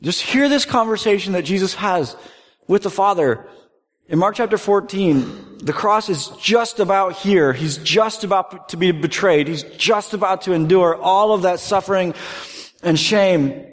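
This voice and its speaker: A man preaching a sermon earnestly, at times emphatic and at times dropping to a hushed, quiet voice. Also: high-pitched, a little slow, in a large hall. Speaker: pastor.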